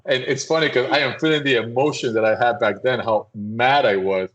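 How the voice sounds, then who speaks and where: A man, a company CEO, telling anecdotes in a casual, animated podcast conversation and acting out voices as he goes. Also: medium pitch, a little fast, highs cut off. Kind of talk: casual storytelling.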